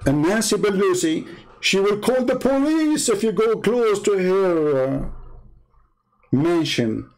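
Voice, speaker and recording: A man's voice: high voice, sing-song, takes it slowly, a little mellow, poor audio. A man hosting a live broadcast, ranting about politics in a blunt, mocking way with broken non-native grammar. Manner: mocking, blunt, name-calling. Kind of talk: political rant on a live stream.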